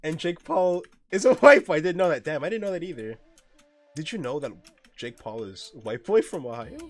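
A man's voice: fairly high pitch, expressive, normal speed, faint music behind. A young man streaming a game, chatting casually in a joking, profane way with frequent laughs. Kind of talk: casual gameplay chat.

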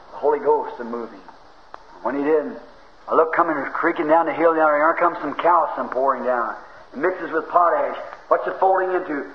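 A fervent, high-voiced preacher, swinging between ringing shouts and low, folksy asides. He is captured on a dull, hissy old tape in a roomy church. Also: a little fast. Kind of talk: sermon.

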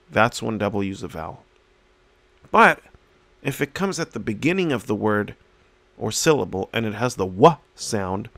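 A male teacher explaining a reading lesson step by step, slowing down to sound out example words and lifting his voice to stress key points. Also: mid-range voice, a bit bright, no echo.

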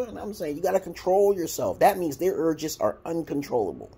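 Here the dating-advice vlogger, a Brooklyn man with a New York accent, speaks fairly quickly in a husky, higher-leaning voice with vocal fry and hardly any pauses. His casual rant to the camera is blunt and crude. He stays animated, going loud one moment and muttering the next.

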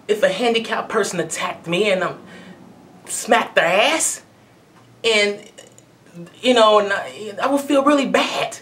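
A woman rants straight to camera in a blunt, conversational way, her fairly high voice swinging widely up and down as she makes her points. Her delivery is animated and opinionated. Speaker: video blogger. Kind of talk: commentary rant to camera.

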